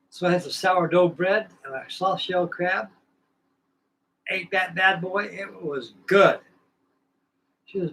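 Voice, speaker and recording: A man with a slightly raised pitch chats casually and rambles in a folksy way while hosting a model-building livestream from his workbench. A faint hiss sits under his voice. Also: moderate pace, fairly bright tone, low-quality recording. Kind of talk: casual chat. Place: home workshop at his workbench.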